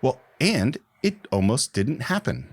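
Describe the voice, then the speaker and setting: Animated man with a lively voice. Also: mid-range voice, measured pace, husky. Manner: animated storytelling, laughs often. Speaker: film podcast co-host. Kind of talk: casual chat.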